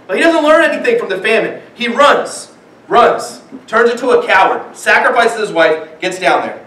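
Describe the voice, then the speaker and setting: In a church sanctuary, recorded distantly with lots of echo, a young or middle-aged pastor who has young children preaches with animation and acts out his stories' characters. His high-pitched voice is expressive, pushed and bright, at normal speed.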